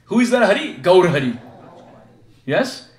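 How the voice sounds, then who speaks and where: Male spiritual teacher, high voice, call-and-response sermon style, echoey home recording. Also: sing-song, a little slow. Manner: asks the audience questions and leads them in repeating chants. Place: devotee's home, gathering room. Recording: echoey room sound.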